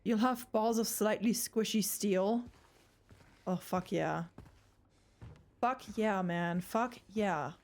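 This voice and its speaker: A woman's voice: mid-range voice, slow pace, pauses often, darkish tone. A young woman streaming a horror game live, rambling, swearing and screaming in fright, with a throat sore from screaming.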